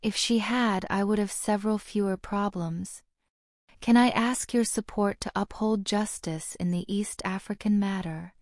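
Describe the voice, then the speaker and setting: A woman voicing a congenial but grave old male headmaster wizard, speaking in a courteous, measured way in an audiobook reading. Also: mid-range voice, steady tone, darkish tone, dry recording, clean studio sound, natural voice. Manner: courteous, turning cold.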